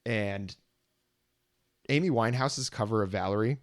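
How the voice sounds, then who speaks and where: A man co-hosting a music podcast, talking in a relaxed, rambling way in casual chat. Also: lowish voice, normal speed, no echo, clean studio sound. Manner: relaxed, rambling, many "you know" fillers. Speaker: podcast co-host.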